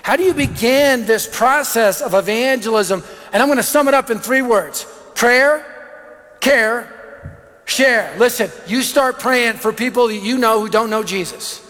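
Middle-aged male preacher, very high voice, energetic storytelling, long hall reverb. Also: a little slow. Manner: energetic storytelling with punchy lists. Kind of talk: sermon.

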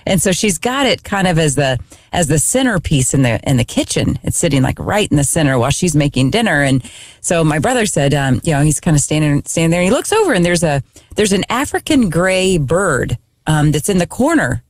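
A woman tells a family anecdote in an easygoing, chatty way. Her pitch swings widely as she gets into the tale, and she often stops and restarts her sentences. The sound is dry and close, with little room echo. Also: fairly quick. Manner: animated, lively retelling with frequent restarts. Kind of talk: casual conversational storytelling.

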